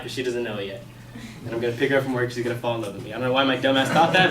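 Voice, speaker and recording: A young man telling a personal story in a casual, animated way, acting out his own past lines. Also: mid-range voice, rapid-fire, slight background noise. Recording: echoey room, mic from a distance.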